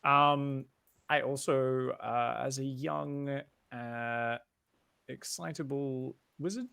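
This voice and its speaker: A man's voice: mid-range voice, steady tone, takes it slowly, gravelly, pushed and bright, smooth, no room sound. A man playing a tabletop game, casually and chattily planning his moves aloud. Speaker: player.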